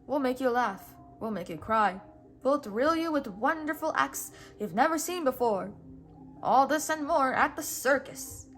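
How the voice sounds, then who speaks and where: A woman reading a storybook aloud, voicing a loud, showy male circus ringmaster who calls out to the crowd like an announcer. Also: sits high, animated, unhurried, faint music behind. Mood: hyping.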